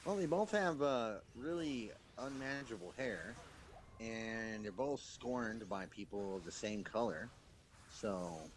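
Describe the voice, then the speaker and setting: A man's voice: on the low side, animated, takes it slowly, a little hiss or hum, low-quality recording. A man chatting casually over a game, rambling with lots of fillers and frequent laughs. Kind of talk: casual chat while gaming.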